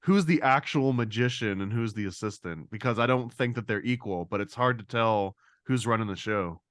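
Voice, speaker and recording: An animated man co-hosting a casual discussion podcast. He talks quickly and acts out quotes with a pitch jump. His voice is recorded dry and close, with no room sound. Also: no room sound. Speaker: podcast co-host.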